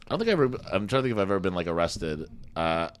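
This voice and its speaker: A man's voice: low voice, very animated, rapid-fire. A man co-hosting a podcast, telling stories in casual chat, swearing freely and acting out the people he quotes. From Canada. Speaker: podcast co-host.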